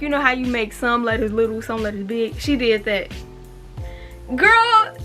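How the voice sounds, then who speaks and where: A young woman, telling a storytime on her vlog in an animated way, swearing freely and reading text messages aloud. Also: on the high side. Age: 20s. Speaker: vlogger. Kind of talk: casual storytime.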